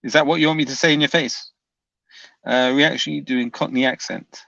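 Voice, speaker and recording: A man with a gravelly, creaky voice who reads out stream chat and answers it in a dry, unbothered way. His mic sounds dull and lo-fi, and the sound is dry and close. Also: medium pitch, steady tone, fairly quick, fairly bright tone, no room sound. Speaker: livestream host. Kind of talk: reading chat comments aloud on a stream.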